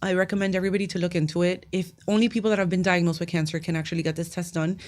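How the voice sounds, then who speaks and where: A woman guest in a casual interview, telling a personal story quickly and animatedly, sometimes acting out what people said. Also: fairly low pitch. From Miami, United States. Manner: fast, animated storytelling with acted quotes. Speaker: interview guest, cancer patient.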